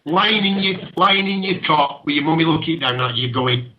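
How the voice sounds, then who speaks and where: A man's voice: on the high side, normal speed, lo-fi sound, crowd noise. A man hosting an internet radio show, talking with passion, ranting and laughing often. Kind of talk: impassioned talk radio monologue.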